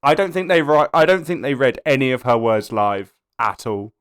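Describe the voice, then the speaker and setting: A young man co-hosting a casual film podcast, expressive and swearing, laughing often. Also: mid-range voice, moderate pace, smooth. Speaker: podcast co-host. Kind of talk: casual film review chat.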